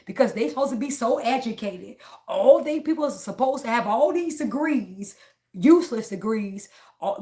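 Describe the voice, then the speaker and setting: A fairly high-voiced woman, speaking straight to her viewers in a casual vlog. She is blunt and defiant and circles back to the same points again and again. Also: darkish tone. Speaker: political vlogger.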